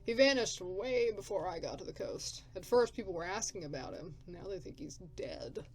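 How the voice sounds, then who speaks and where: Gruff, grumbling male scavenger in a game, read by a woman, blunt and coarse, mid-pitched. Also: expressive, moderate pace, lightly acted. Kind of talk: reading game dialogue aloud.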